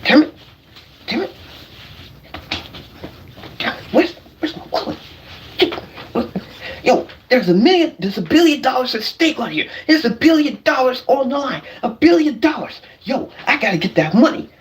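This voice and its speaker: A man playing a greedy man who scrambles to buy lottery tickets after hearing about a huge jackpot, talking in a frantic, hurried way and repeating himself. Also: very high voice, sing-song, pitched above the performer's own voice, exaggerated voice.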